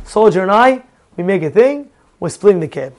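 A man's voice: sits high, lively intonation, normal speed, darkish tone. A man telling a personal story in a Torah lesson, acting out the dialogue with many restarts and Hebrew words mixed in. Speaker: Torah teacher.

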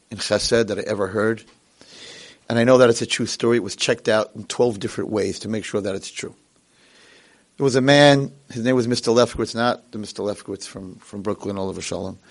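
A man giving an inspirational speech, telling a story in a dramatic, storytelling manner. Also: medium pitch. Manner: dramatic storyteller who acts out voices. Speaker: inspirational speaker.

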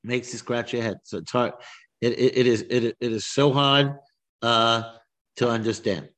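Guy teaching a text class, stops and restarts a lot, mid-pitched voice. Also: steady tone, a bit bright. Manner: halting, many restarts and fillers, reads Hebrew verses then explains. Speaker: Torah teacher. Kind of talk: informal text study class.

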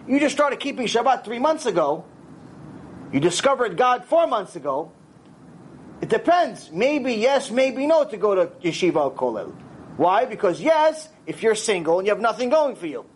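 High-voiced rabbi, animated storyteller. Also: male voice, a little hiss or hum. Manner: animated storytelling, acts out dialogue, sprinkles Hebrew words. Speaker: rabbi teaching a Torah class. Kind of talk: lively Torah lecture.

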